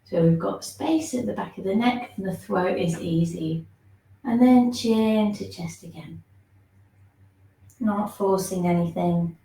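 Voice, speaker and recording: A woman leads a gentle online movement class in a slow, mellow voice. Her instructions are soft and soothing, broken by the odd yawn. The room around her sounds echoey. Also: mid-range voice. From England. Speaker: shiatsu and movement teacher.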